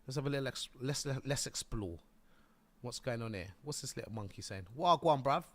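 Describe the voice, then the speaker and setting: A man chatting excitedly and swearing while live-streaming and showing off his game. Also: medium pitch, a little fast. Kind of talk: casual live-stream chat.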